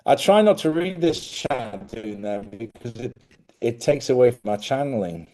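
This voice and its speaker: A man hosting a spiritual live stream, chatty and animated, often laughing as he talks. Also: medium pitch, moderate pace. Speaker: spiritual host.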